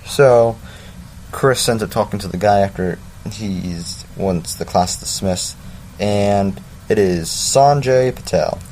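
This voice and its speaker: A man's voice: low-pitched, darkish tone, a little hiss or hum. A man reading a story aloud in a casual way, breaking off for chatty, self-mocking asides. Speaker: story reader.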